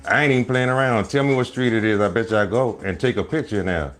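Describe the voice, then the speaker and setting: A man hosting a casual live stream, rambling loudly through jokes and teasing his viewers, often breaking into laughter. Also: on the low side, fast talker, soft background music. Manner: loud joking rambles, bursts of laughter, mock voices.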